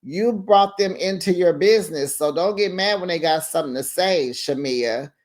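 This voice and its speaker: A man hosting a reality TV recap in a sassy, animated gossip style, calling people baby and honey. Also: sits high, moderate pace. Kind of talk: casual recap commentary.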